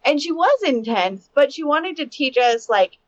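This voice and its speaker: A woman's voice: high-pitched, lively intonation, normal speed, muffled recording, a little hiss or hum. A young adult woman co-hosting a podcast, telling stories in a chatty way and laughing often. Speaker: podcast co-host. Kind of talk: casual podcast chat.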